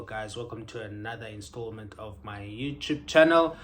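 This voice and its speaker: A man's voice: fairly low pitch, normal speed, hardly any pauses, fairly bright tone, a little hiss or hum. A young man, chatting casually and upbeat to his vlog audience. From South Africa. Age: young adult. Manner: chatty, upbeat, frequent ums. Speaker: vlogger.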